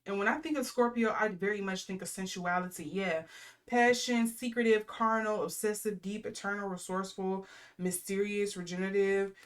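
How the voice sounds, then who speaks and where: A woman in her thirties talks through a casual tarot reading in a relaxed, meandering way. She leans on fillers and restarts. She rattles off strings of card keywords at an everyday, middle pitch. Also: moderate pace. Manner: rambling, lots of fillers, reels off card keywords. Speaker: tarot reader.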